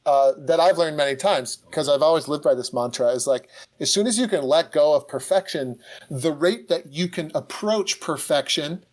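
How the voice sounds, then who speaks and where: Male guest, lively storyteller, somewhat high voice. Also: moderate pace. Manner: storytelling, animated retellings of conversations. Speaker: podcast guest, book co-author. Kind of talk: casual chat.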